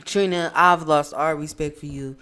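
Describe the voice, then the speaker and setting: A woman co-hosting a casual reality TV recap podcast, speaking in with a blunt, opinionated, animated manner. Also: low voice, moderate pace, very noisy. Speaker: podcast co-host.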